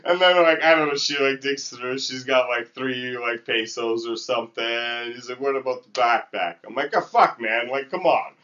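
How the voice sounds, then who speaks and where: A man's voice: medium pitch, normal speed, hardly any pauses, bright, forceful tone. A young man from Canada co-hosting a podcast, telling a rambling story in casual chat, full of "like" and acted-out quotes. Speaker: podcast co-host. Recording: dull lo-fi sound.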